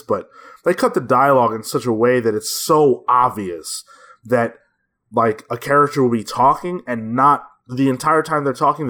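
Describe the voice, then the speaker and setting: A man co-hosting a casual podcast chat, giving measured opinions with frequent fillers. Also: medium pitch, fairly bright tone. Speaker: podcast co-host.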